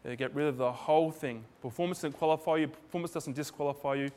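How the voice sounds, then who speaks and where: A man with a slightly high, darkish voice talks fast while preaching a loose, conversational sermon, acting out little dialogues in different voices. Hall reverb colors the recording.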